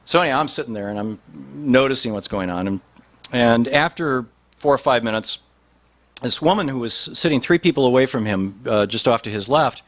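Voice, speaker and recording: A man telling a long anecdote in a rambling, animated way, with many restarts and fillers. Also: medium pitch, a little fast. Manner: rambling, animated, voice rises sharply in quoted lines. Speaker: speaker telling a story. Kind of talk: anecdotal storytelling talk.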